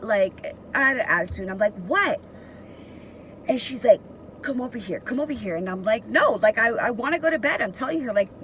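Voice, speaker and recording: A woman's voice: on the low side, slight background noise, low-quality recording. A young woman vlogger telling a personal story in a casual, emotional and profane way, rambling with many fillers.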